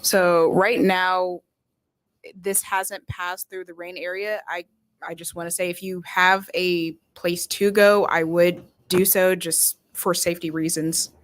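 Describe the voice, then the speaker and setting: A woman's voice: fairly low pitch, flat delivery, a little slow. A woman from Nevada, weather office staff, carefully and somewhat hesitantly answering viewer questions on a live stream.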